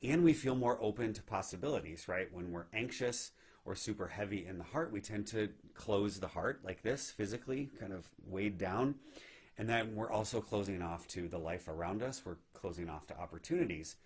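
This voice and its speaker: A man giving a gentle, reflective spiritual teaching talk on meditation, often checking in with "right?". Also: on the low side, normal speed, husky. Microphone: live video stream.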